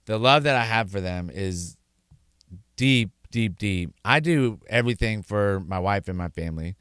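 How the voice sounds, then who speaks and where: A man tells his personal testimony in a low, smooth voice. He is earnest and repeats key words for emphasis. The recording is dry, with no room sound. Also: expressive, normal speed, fairly bright tone, no echo. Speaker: speaker sharing his sobriety story.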